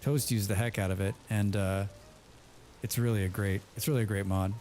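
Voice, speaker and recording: A man's voice: lowish voice, fairly even intonation, brisk, darkish tone, slight background noise. A man hosting a casual let's play, chatting with friends in a rambling, playful way and often repeating his words. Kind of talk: casual gameplay commentary with friends.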